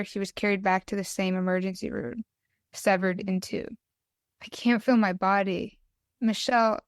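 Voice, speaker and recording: A woman's voice: medium pitch, smooth, no room sound, studio quality. Woman reading a tearful poem. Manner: emotional, halting and tearful. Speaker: podcast guest, mental health advocate. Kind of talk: reading her own poem aloud, then conversational interview.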